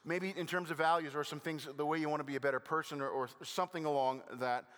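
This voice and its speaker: An older man preaching a sermon as a pastor, conversational with gentle self-deprecating humor and halting restarts. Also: on the high side, steady tone. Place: church sanctuary. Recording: long hall reverb.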